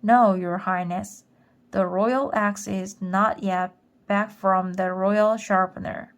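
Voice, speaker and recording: A woman's voice: medium pitch, fairly even intonation, slow pace. A woman voicing a big, nervous male ant guard who stammers and fawns over his queen in a storybook reading. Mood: flustered. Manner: flustered, fawning, stammering apologies.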